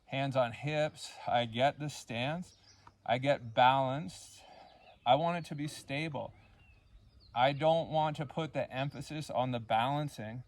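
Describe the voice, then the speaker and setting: Man, yoga instructor, slow deliberate pace, calm cueing, birds and outdoor sounds behind. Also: medium pitch. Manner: calm, unhurried cueing with counted breaths. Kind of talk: guided yoga class instruction.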